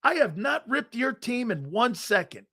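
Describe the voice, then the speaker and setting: A brash sports talk radio host, he has a high voice for a man with a bright, forceful, husky edge and a measured pace. Very animated, he rants bluntly and combatively at callers and swears without a second thought.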